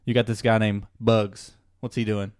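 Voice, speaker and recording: A man's voice: lowish voice, level tone, moderate pace, darkish tone, smooth. A young man co-hosting a casual podcast chat who tells a story playfully and teases the others. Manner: playful storytelling, spooky teasing. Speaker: podcast co-host.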